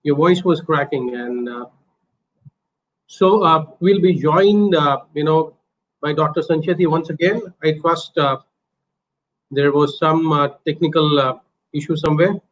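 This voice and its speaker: A man's voice: on the high side, a little slow. A man moderating an online talk, polite and hesitant, with many fillers. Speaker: host, moderator. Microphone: video call. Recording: dull lo-fi call with faint noise.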